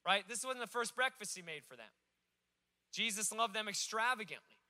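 High, bright-voiced joking preacher. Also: male voice, normal speed. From Alaska. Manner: animated, joking storyteller. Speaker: pastor. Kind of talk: sermon. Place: on a stage.

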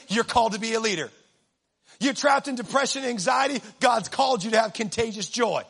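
A man preaching a sermon in an animated way, swinging from low, quiet asides to shouted punchlines, with humor. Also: creaky, breathy edge.

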